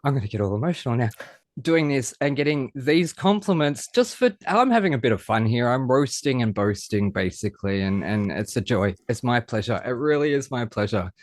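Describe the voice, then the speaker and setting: An Australian man hosting a podcast, with a pun-packed, theatrical delivery that turns soft and earnest in chat. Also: mid-range voice, big pitch swings, fairly quick, no echo, studio quality. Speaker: podcast host. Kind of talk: theatrical hype intro and casual chat.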